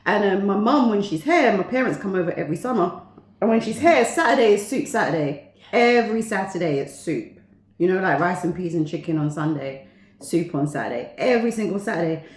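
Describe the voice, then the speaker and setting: Woman, co-host, casual faith chat, laughs often, roomy echo. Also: mid-range voice.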